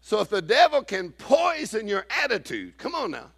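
A man preaching a sermon to a church congregation, emphatic, swinging from shouted declarations to low asides. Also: wildly swooping pitch, normal speed, creaky, slightly rough.

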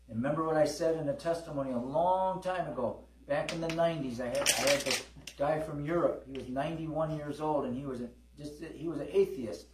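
Midwestern preacher in an echoey hall. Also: male voice, medium pitch, far from the mic. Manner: conversational storytelling, with calls to the congregation. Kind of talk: sermon. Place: church hall with congregation.

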